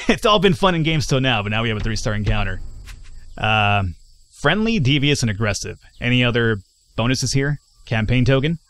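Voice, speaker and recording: A man's voice: medium pitch, expressive, normal speed, fairly bright tone. A man casually commenting on a strategy game as he plays, joking and reading game text aloud. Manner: jokey, chatty, reads game text aloud. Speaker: gaming channel host. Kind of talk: casual let's-play commentary.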